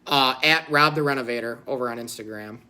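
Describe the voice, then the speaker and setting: A man's voice: medium pitch, fairly quick, pushed and bright, clean tone. A man hosting a casual livestream, rambling and self-deprecating, with lots of fillers. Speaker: channel host.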